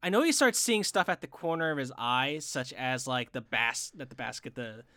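Male co-host, casual chat, excitable and animated, crisp clear voice, dry close sound. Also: medium pitch, moderate pace, no echo. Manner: excitable, animated, frequent restarts. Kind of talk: casual anime discussion.

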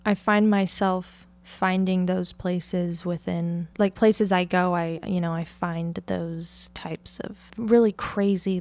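A woman's voice: fairly low pitch, darkish tone. A young woman from Oregon hosting her own podcast in a casual solo chat. She rambles in a chatty way, leaning on "like" with bits of light laughter. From Oregon, United States. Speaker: podcast host.

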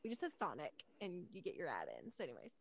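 A woman's voice: sits low, huge pitch swings, fast, creaky, breathy edge. A woman hosting a podcast, telling chatty family stories and laughing often. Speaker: podcast host. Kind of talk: casual chat.

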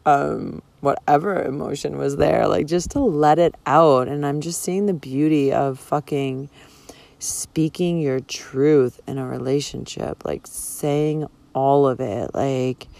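A woman's voice: low-pitched, creaky, mellow, dry recording. A young woman vlogger telling a personal story candidly, emotional and swearing freely, with lots of fillers. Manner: frank, emotional, swears a lot, filler-heavy.

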